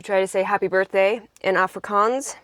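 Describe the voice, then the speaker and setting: A young American woman talks with her sibling in a casual farm vlog. Her manner is chatty and playful, and she laughs easily. Her voice sits at a middle pitch. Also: fairly even intonation, moderate pace, a bit bright. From United States. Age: young adult. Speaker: farm vlogger. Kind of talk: casual chat.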